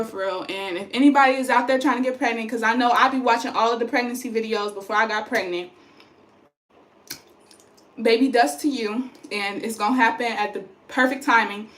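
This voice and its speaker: A woman's voice: fairly high pitch, a bit bright. A young woman vlogging casually to her phone about her pregnancy, chatty and rambling, tired. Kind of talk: casual chat to camera. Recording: roomy echo.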